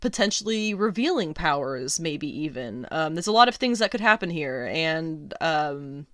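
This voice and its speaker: Brief: female podcast host, lower voice, dry close sound, chatty and emphatic, full of ums and restarts. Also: lively intonation, moderate pace, fairly bright tone, no room sound. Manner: rambling, many fillers and restarts; opinionated, emphatic. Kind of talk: casual solo commentary.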